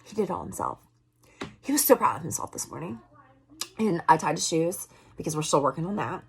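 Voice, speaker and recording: A woman in her forties talking casually and candidly to her viewers in a vlog, moving between loud remarks and soft, whispery asides. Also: fairly low pitch, very animated, brisk, gravelly, slightly rough. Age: 40s. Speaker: vlogger.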